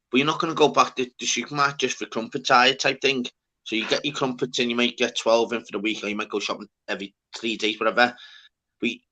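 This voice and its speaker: A bright, forward-voiced man from the north of England rambles away in laddish chat, swearing freely. He talks like a livestream host chatting with his viewers and his co-host. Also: medium pitch. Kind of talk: casual chat.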